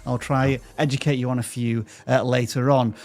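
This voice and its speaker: A man's voice: mid-range voice, level tone, moderate pace, darkish tone. A man with a Yorkshire accent hosting a live stream in a hammy, joking way, playing up the local slang.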